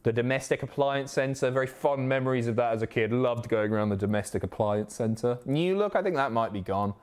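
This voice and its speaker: A man from the Isle of Wight, chatting casually and excitably on a live stream, swearing often. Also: mid-range voice, brisk, clean tone. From Isle of Wight, England. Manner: excitable, sweary, reads chat aloud.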